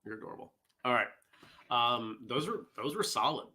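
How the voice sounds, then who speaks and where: Lively, bright-voiced man chatting live. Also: mid-range voice, moderate pace. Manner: chatty, reads viewer comments and jokes aloud. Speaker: host of a live morning vlog show. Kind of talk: casual live-stream chat.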